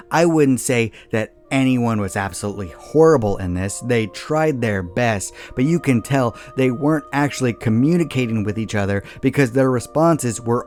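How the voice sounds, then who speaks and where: A man's voice: medium pitch, a little mellow. A man giving a scripted comedic movie review, talking in a sarcastic and exasperated way as he tears into a film.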